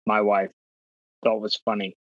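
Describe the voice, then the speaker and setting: A man's voice: lowish voice, monotone, unhurried, no echo. A man chatting casually in an easygoing, agreeable way. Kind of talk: casual chat. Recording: dry, muffled.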